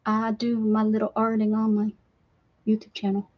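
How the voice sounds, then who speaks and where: A woman's voice: mid-range voice, monotone, moderate pace. A woman hosting a casual art livestream, chatting and teasing herself while she crafts. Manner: chatty, giggly, self-teasing. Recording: dull lo-fi sound.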